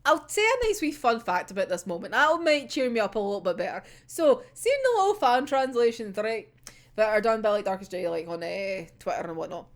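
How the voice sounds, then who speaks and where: A young woman with a medium-pitched, sing-song voice chats casually and fairly quickly as a manga reaction vlogger. She's dramatic and sweary, laughs a lot, and rambles with plenty of fillers.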